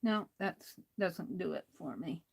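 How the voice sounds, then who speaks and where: A woman's voice: on the low side, lively intonation, a little slow, creaky, darkish tone, slightly rough, rough recording. An older woman hosting a crafting livestream, talking to herself as she works and chatting with viewers, laughing often. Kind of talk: casual crafting chat while reading viewer comments.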